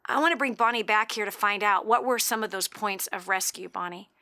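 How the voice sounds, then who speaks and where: A woman's voice: medium pitch, a little fast, sharp tone. A woman hosting a radio talk show, speaking earnestly and often repeating words as she restarts.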